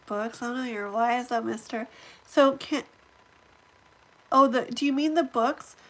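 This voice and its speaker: A woman with a stuffy nose hosting a casual live stream, reading viewer comments aloud and reacting in a chatty, excitable way. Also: fairly high pitch, measured pace, rough recording. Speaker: livestream host.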